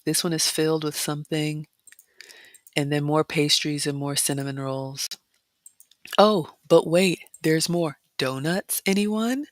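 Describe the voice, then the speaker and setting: A woman's voice: deep voice, measured pace, no echo. Chatty woman with a drawl. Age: adult mother. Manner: chatty, whispers in excitement. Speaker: vlogger. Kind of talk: casual chat narrating photos, reading live comments.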